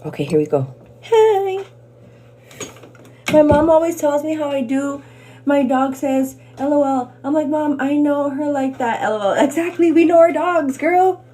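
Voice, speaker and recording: A woman in her thirties hosts a get-ready-with-me live stream from home. She chats to her viewers, calls them "girl" and thanks them by name. Her voice sits a little high and swings widely in pitch. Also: dark tone, slight background noise. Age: 30s. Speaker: livestream host.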